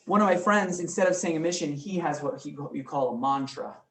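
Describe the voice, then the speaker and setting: A man teaching a real estate class, energetic and often quizzing his students. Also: on the high side, brisk. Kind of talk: live classroom training talk. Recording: roomy room, mic from far off, faint noise.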